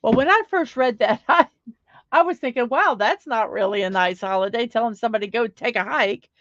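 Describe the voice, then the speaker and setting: A middle-aged woman chatting on her morning livestream in an upbeat, rambling way, with a voice pitched a touch high. The sound is a bit dull and lo-fi, close and dry with no room echo. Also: brisk, a bit bright. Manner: chatty, upbeat, reads chat aloud. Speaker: livestream host. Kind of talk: casual livestream chat.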